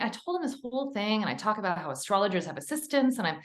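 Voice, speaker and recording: A woman's voice: mid-range voice, very animated, fast talker, few pauses, roomy sound. A woman author as a podcast guest, telling a personal story in an earnest, emotional, rambling way.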